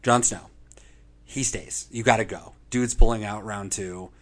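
On a podcast, a co-host with a lowish voice and measured pace recaps a TV episode. His chat is casual and profane, and he animatedly acts out quotes in funny voices.

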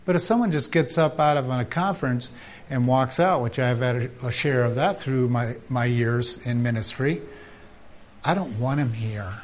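A man preaching at a conference, animated and acting out quoted voices, sometimes dropping to a whisper. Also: medium pitch, moderate pace, slight background noise. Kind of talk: conference sermon.

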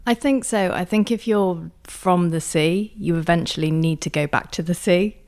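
A woman from Cornwall, a film festival organiser, chatting as an interview guest in a relaxed, easygoing way. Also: on the low side, normal speed. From Cornwall, England. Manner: relaxed, chatty, many fillers. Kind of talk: casual interview chat.

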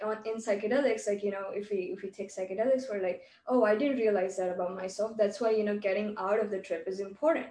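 Recorded from a distance in a roomy space with faint ambience, this podcast host talks in a medium-pitched, dark-toned voice over a slight hiss or hum. She muses at length in casual, reflective, speculative conversation full of fillers.

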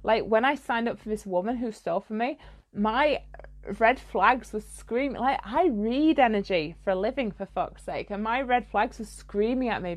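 A woman, a spiritual coach giving a blunt, casual podcast monologue, swearing freely and laughing mid-sentence. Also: medium pitch.

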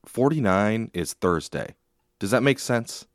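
A man co-hosting a podcast in casual chat, relaxed and wry, trailing off into laughs. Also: on the low side, measured pace, dry recording, clean studio sound. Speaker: podcast co-host, sportswriter. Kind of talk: casual sports-media chat.

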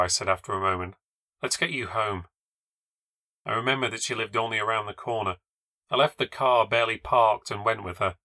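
Wry, measured male narrator for a ghost story podcast, slightly low and crisp-edged. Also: bright, forceful tone, no echo. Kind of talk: scripted first-person ghost story narration.

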